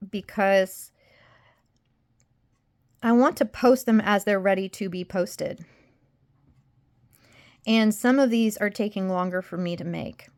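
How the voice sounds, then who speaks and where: A woman's voice: mid-range voice, takes it slowly, long pauses, a little mellow. A young adult woman vlogging casually to her viewers, rambling and emotional as she drifts between topics. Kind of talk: casual chat to camera.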